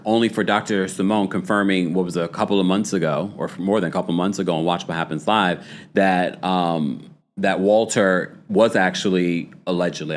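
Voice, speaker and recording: A man hosting a reality TV recap stream, chatty and laughing, reading chat comments and acting out taglines. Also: low voice. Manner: animated, laughing, reads chat comments aloud; puts on a dramatic voice to read taglines. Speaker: host.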